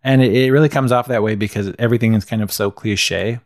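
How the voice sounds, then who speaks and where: A man's voice: fairly low pitch, fairly even intonation, fast, no echo, clean studio sound. Laid-back rambling male podcaster. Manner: laid-back, rambling, chuckles at his own jokes. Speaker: podcast co-host. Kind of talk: casual film review chat.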